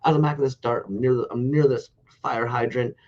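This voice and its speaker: A man's voice: mid-range voice, steady tone, fairly quick, a little mellow, lo-fi sound. A man co-hosting a casual online toy show, a rambling, profane storyteller. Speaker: podcast co-host. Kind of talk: casual chat with heavy swearing.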